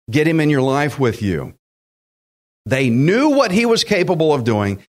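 A man preaching a sermon, emphatic and direct, acting out quotes and speaking to listeners as friends. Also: a little high. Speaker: pastor.

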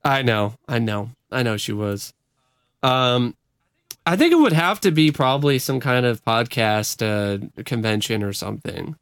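A man's voice: mid-range voice, animated, unhurried, a bit bright, clear, resonant tone, dry recording, studio quality. A man co-hosting a podcast in casual chat, laid-back and agreeable, laughing often. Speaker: podcast co-host.

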